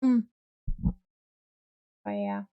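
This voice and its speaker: A woman's voice: medium pitch, fairly even intonation, extremely slow, creaky, warm tone, clear, resonant tone, highs cut off. A woman live-streaming as she paints a figure, talking in a loose, rambling way full of fillers and casual swearing.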